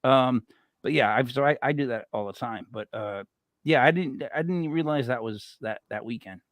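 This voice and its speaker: A man's voice: mid-range voice, normal speed, dry recording. A man hosting a podcast in rambling, joking casual chat, stuffy and short of breath. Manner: rambling, joking, self-mocking. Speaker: podcast host.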